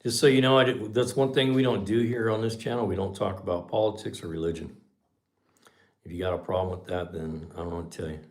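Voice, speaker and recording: A man's voice: sits low, steady tone, fast. A man, from Southern California, hosting a casual livestream chat in a rambling, laid-back way. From Southern California, USA. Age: 60s. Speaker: livestream host.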